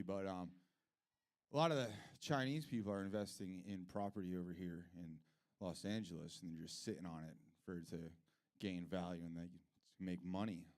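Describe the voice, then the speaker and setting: A middle-aged male comedian works through a loose stand-up set at a live comedy club. He swears freely and wanders between topics. His voice jumps from loud, high rants down to low, quiet mutters. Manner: profane, rambling, swings from loud rants to mutters.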